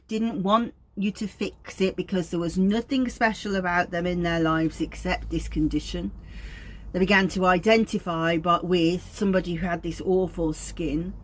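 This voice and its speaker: A woman, an aromatherapist, giving an informal teaching talk in a meandering, anecdotal way. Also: mid-range voice.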